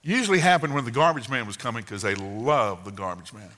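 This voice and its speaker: A man in his sixties preaching a sermon, telling folksy family stories with sudden loud outbursts and soft asides. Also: mid-range voice, fairly quick. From Southern United States. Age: 60s. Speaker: pastor. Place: church sanctuary. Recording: long hall reverb.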